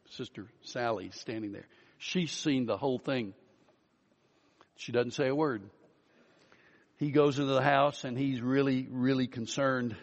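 A pastor preaching an Easter sermon, telling a story and slowing down and rising for emphasis. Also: male voice, medium pitch. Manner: storytelling, slows down and rises for emphasis. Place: church sanctuary. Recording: dull audio with long hall reverb.

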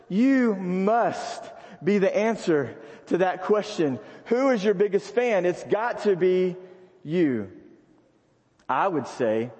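A high-pitched man delivers a sermon at an unhurried pace, repeating his key lines for emphasis. His voice carries a long reverb from a large sanctuary with a balcony. It sounds like it was recorded live in the room. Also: big pitch swings, a little mellow. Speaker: pastor.

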